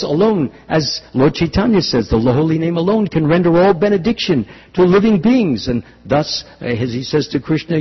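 Husky high-voiced male preacher, echoing hall. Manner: earnest, pauses and restarts, clears throat often. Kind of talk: sermon on scripture. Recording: dull lo-fi sound with long hall reverb.

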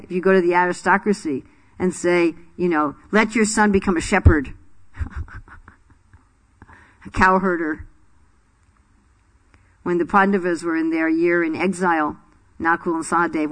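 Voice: medium pitch, a bit bright. Chatty spiritual teacher telling old stories to a class, laughs a lot, asks the room questions. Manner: chatty, laughing, quizzes the audience. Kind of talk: scripture class storytelling.

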